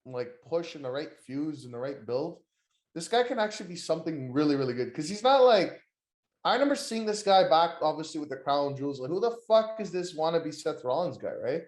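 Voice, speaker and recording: A man's voice: fairly high pitch, big pitch swings, brisk, reverberant. Rambling, crude man hosting a wrestling podcast. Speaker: podcast host. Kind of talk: casual wrestling podcast chat.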